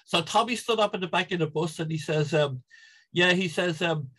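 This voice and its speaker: A man's voice: high-pitched, normal speed, a bit bright, husky, rough recording. A middle-aged Irish man telling stories in casual chat, rambling with many restarts and chuckles. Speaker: guest, football supporter. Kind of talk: casual storytelling.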